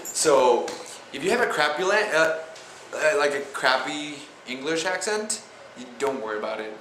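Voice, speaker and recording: A man's voice: fairly high pitch, lively intonation, a bit bright. A young man with a Spanish accent, a student talking casually in a vlog and often restarting his sentences. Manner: halting, many restarts and "like" fillers. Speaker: student vlogger. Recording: roomy echo with faint noise.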